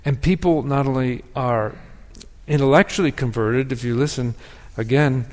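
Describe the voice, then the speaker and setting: A man giving a sermon as pastor, speaking in a reflective, measured way with pauses and restarts. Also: mid-range voice, a little mellow. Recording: long hall reverb.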